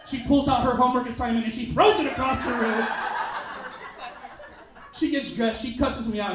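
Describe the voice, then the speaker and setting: A male stand-up comedian telling a story on a comedy club stage, with an animated, punchy delivery and quick asides. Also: sits high. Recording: roomy club sound, mic at a distance.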